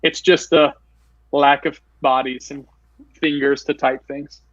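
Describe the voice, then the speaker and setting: A man's voice: mid-range voice, flat delivery, unhurried, a bit bright, no room sound, highs cut off. A man being interviewed as a guest over a video call, explaining in a casual, conversational way. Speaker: guest, news producer. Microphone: computer mic on a video call.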